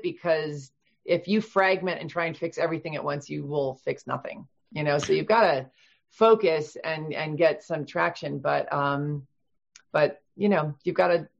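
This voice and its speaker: A woman in her fifties, an author guest chatting casually in an interview, talkative and quick to laugh, with many restarts. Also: deep voice, creaky, lo-fi sound. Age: 50s.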